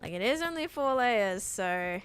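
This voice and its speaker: A woman's voice: mid-range voice, expressive, unhurried, a bit bright, faint music behind. A young woman, chatting casually while live-streaming a game and answering chat.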